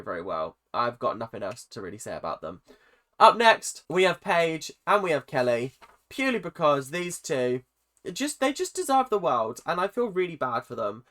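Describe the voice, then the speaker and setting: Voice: mid-range voice, a bit bright. A British reaction channel host chatting casually and jokingly straight to viewers. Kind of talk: casual reaction vlog chat.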